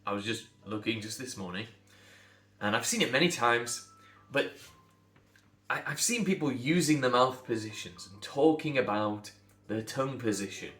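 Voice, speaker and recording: A man's voice: mid-range voice, lively intonation, normal speed, sharp tone. A man coaching pronunciation, explaining step by step, spelling out letters and demonstrating sounds. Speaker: accent coach. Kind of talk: instructional talk to camera. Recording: echoey room, faint music behind.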